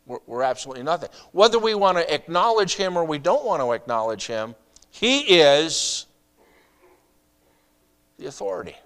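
Middle-aged male pastor, sermon delivery, slightly high and resonant, conversational with rhetorical questions. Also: sing-song, brisk, fairly bright tone.

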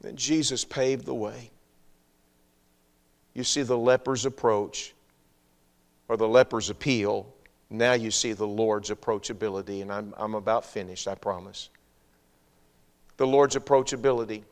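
A man's voice: on the low side, steady tone, unhurried, long pauses. A man preaching a sermon in an emphatic, repetitive style, firing rhetorical questions and dropping humorous asides. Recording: long hall reverb.

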